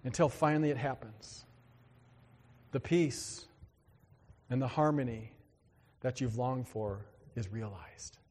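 In a church, a male pastor preaches his sermon conversationally, tossing joking asides to the congregation. His mid-range voice is mellow, and the sound carries the feel of a big room.

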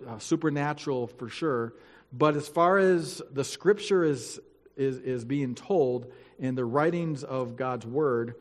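A man's voice: mid-range voice, a little mellow. A man teaching a Bible lesson, reading scripture aloud and stopping to comment with playful asides. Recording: long hall reverb.

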